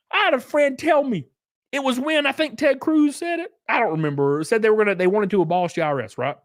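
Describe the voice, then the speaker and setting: A man's voice: high-pitched, very animated, fast, no echo, studio quality. A man in his thirties, a live streamer, ranting casually and profanely to his chat with sarcasm. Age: 30s.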